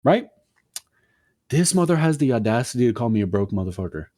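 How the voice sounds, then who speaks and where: A man in his twenties on a podcast, telling a story in an animated, profane rant and acting out what people said. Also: medium pitch, a little fast, background noise. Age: 20s. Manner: animated, profane ranting with acted-out quotes. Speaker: podcast co-host. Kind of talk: casual storytelling chat.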